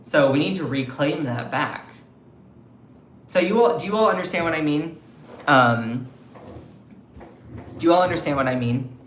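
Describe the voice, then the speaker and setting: A man's voice: on the high side, expressive, normal speed, pauses often, a bit bright, reverberant, a little hiss or hum. A man with a Southern US accent giving emphatic political commentary on a live stream, often repeating and restarting his phrases. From Southern United States.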